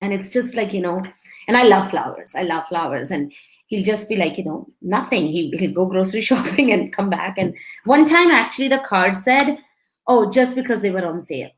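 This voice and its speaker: A woman's voice: medium pitch, expressive, moderate pace. A woman hosting a casual live-stream chat, teasing her guest and laughing often. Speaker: show host interviewing her husband.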